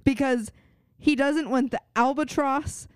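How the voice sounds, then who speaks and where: A woman's voice: sits high, steady tone, unhurried, no echo. Woman, podcast co-host, casual chat, wry quips, dry close sound. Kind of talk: casual chat recapping a TV show.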